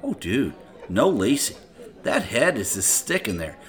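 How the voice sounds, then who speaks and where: A man's voice: medium pitch, sing-song, unhurried. A man hosting a podcast, tasting and rating a beer in a loose, profane, chatty way with lots of filler. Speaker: podcast host reviewing beer. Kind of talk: casual beer-tasting chat.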